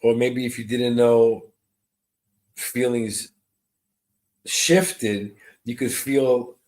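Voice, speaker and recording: Man giving a slow psychic reading. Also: mid-range voice, fairly even intonation, darkish tone. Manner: slow, searching descriptions, greets and answers viewers' comments. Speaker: psychic medium. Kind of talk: live online mediumship reading.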